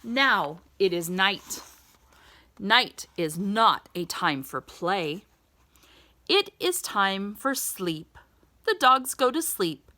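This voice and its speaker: Very animated, a children's book reader takes a picture book at a very slow pace, her voice rising and dipping in a sing-song storytime way. She sounds bright and clear and occasionally stops to put questions to the listener.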